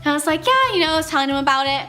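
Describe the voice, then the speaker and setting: High, bright-voiced young woman telling a story. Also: rapid-fire, faint music behind. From California. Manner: animated, exclamatory storytelling. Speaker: vlogger. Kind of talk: storytelling vlog.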